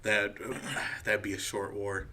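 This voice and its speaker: A man's voice: lowish voice, monotone, slow pace, noisy background. A man co-hosting a casual comic podcast, tossing in dry wisecracking asides. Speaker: podcast co-host. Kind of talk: casual chat.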